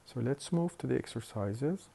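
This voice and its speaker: A man lecturing on phonetics, explaining slowly and deliberately with hesitant fillers and repeated words. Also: mid-range voice, lively intonation, vocal fry, warm tone, husky. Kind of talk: recorded university lecture.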